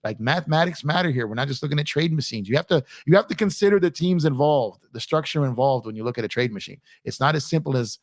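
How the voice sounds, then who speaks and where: A man's voice: fairly high pitch, lively intonation, fast talker, hardly any pauses, dry recording, studio quality. A young man hosting a live stream, chatting casually and reading viewer comments aloud, often repeating phrases for emphasis. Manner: conversational, repeats phrases for emphasis, addresses chat as man and y'all. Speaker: livestream host.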